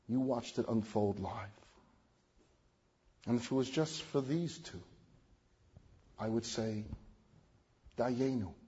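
Husky mellow-voiced man preaching dramatically. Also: highs cut off. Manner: dramatic, building to emphatic peaks then dropping low. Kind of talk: sermon storytelling.

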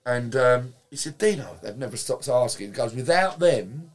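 A man, a guest telling lively anecdotes in casual chat, swearing freely and acting out quotes. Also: mid-range voice, moderate pace. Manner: animated, swears freely, acts out quotes, laughs while telling.

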